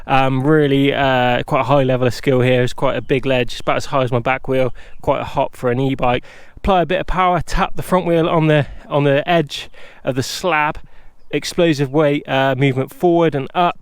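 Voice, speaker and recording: A man's voice: fairly high pitch, clean tone, dry recording, clean studio sound. A man riding outdoors in town, talking through each riding move step by step and encouraging viewers. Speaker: riding skills presenter. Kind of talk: instructional talk while riding.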